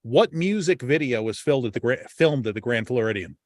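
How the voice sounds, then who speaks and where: A man's voice: medium pitch, lively intonation, brisk, dry recording, studio quality. A man hosting a podcast in casual chat, rambling with lots of restarts and cursing freely. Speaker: podcast host.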